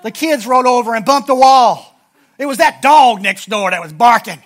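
A man's voice: very high voice, moderate pace, some chatter behind. A middle-aged man preaching a sermon in a conversational, humorous storytelling style to his congregation. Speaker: pastor.

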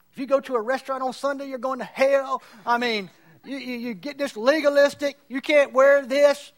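A man's voice: very high voice, fairly bright tone. A man preaching as a pastor, building his points and acting out the voices of people he disagrees with. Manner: preaching, mocking quotes of others. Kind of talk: sermon.

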